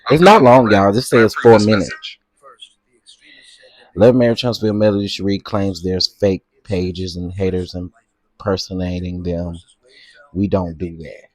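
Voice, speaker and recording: This man's voice sits low and a little mellow, with fairly even intonation, a slightly slow pace and long pauses. Hosting a livestream, he reads comments and chats casually, gossipy and quick to say "y'all" and "girl."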